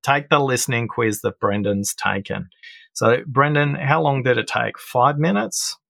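A man's voice: mid-range voice, a little slow, creaky, a bit bright. A middle-aged man, a guest in an interview, explaining ideas and telling personal stories in an engaged, storytelling way. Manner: storytelling, explanatory, acts out quoted voices. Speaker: guest, listening expert. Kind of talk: conversational interview.

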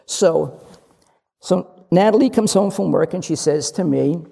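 An older woman gives a candid, funny dharma talk, her voice gravelly and husky with a mellow tone. The words carry a long reverb from a large meditation hall. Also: on the low side, measured pace. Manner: candid, humorous, acts out little dialogues. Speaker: lay Zen teacher.

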